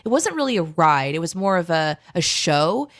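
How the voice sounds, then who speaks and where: A woman in her thirties co-hosting a casual live chat, telling stories in a rambling, animated way with lots of fillers. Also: on the low side, moderate pace. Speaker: co-host.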